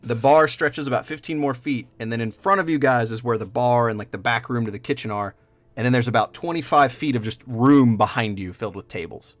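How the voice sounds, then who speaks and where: A man's voice: mid-range voice, fairly quick, no echo. A man running a tabletop game as game master, narrating loosely with lots of casual fillers and the odd swear.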